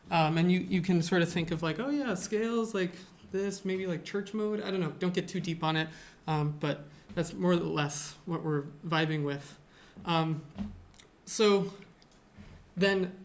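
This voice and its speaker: Music teacher, mid-range voice, informal classroom lecture, chatty and meandering with many fillers. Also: medium pitch. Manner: loose and chatty, with frequent fillers and self-corrections. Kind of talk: casual lecture.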